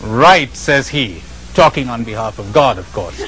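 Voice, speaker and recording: A man with an Indian accent giving a spiritual lecture, telling stories emphatically with dramatic pauses and chuckles. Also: mid-range voice, animated, a bit bright, slight background noise, rough recording. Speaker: spiritual retreat speaker.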